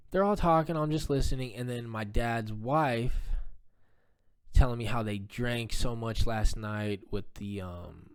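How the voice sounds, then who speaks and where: A man's voice: medium pitch, darkish tone, clean tone. A man casually telling a rambling personal story, with frequent fillers and repetitions. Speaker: vlogger telling his life story.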